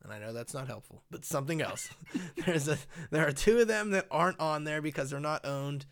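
A man's voice: a little high, expressive, fairly quick, gravelly. A young man co-hosting a podcast, chatting casually and rambling with lots of fillers. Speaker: podcast co-host. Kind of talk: casual chat.

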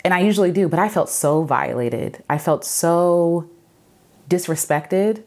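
A woman sharing her own story in an earnest, reflective way, with many fillers and repeated phrases, and gentle pleading advice. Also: fairly low pitch, a little slow. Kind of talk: personal testimony to camera.

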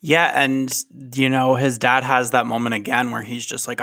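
A man co-hosting a podcast, summarizing film plot in casual, steady chat. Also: medium pitch, a little slow, few pauses, no echo. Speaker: podcast co-host.

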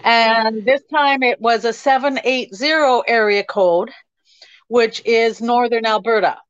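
A middle-aged woman tells a personal story as an interview guest, halting often with many ums. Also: fairly high pitch, fairly even intonation, dry recording, lo-fi sound. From Canada.

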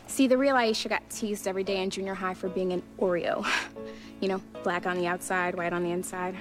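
A woman's voice: mid-range voice, steady tone, a little fast, faint music behind, close to an everyday voice. An actress playing a teen girl who puts on heavy street slang, then drops it to speak with careful enunciation. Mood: confessional. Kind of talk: film dialogue.

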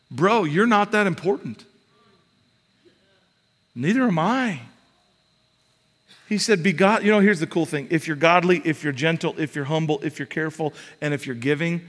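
A high-pitched man preaching a sermon, talking to the congregation as if in conversation. He builds his points with rising emphasis and drops in casual asides. His voice carries the long reverb of a large hall. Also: fairly bright tone. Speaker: pastor.

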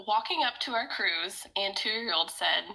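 A young woman co-hosting a podcast, telling stories in an animated way and laughing readily. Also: mid-range voice, unhurried, creaky, poor audio. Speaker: podcast co-host. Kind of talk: casual chat.

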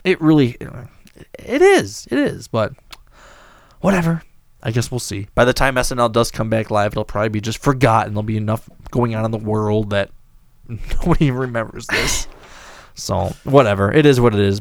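A man hosting a podcast in casual chat, animated and rambling. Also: medium pitch, normal speed. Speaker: podcast host.

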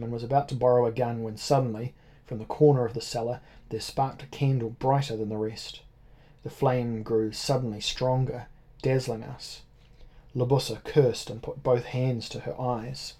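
A man narrating a first-person adventure novel in a measured way. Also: mid-range voice, fairly even intonation, warm tone. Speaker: audiobook narrator. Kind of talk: scripted narration.

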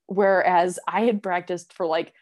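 A young woman telling a story in casual chat, animated and full of "like" fillers, laughing as she goes. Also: fairly low pitch, a little slow.

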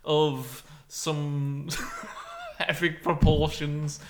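A man co-hosting a casual chat, excitable and playfully stubborn in argument. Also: on the high side, extremely slow, a little hiss or hum. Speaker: podcast co-host.

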